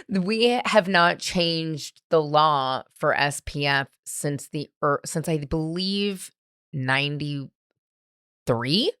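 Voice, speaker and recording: A woman's voice: low voice, fairly bright tone, smooth, no room sound, clean studio sound. A woman hosting a podcast, chatting casually in a rambling way with some swearing. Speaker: podcast host. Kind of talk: casual chat.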